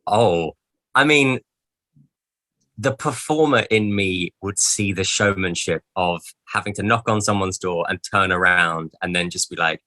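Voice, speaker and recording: Playful guest, low bright voice, dry close sound, casual banter. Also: male voice, a little slow, dry recording. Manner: playful, theatrical. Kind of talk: casual chat.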